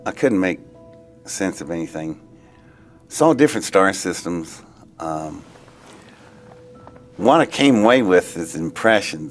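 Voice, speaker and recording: A man being interviewed, telling a long story in a rambling, excitable way that often trails off and starts again. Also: deep voice. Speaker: interviewee recounting an experience.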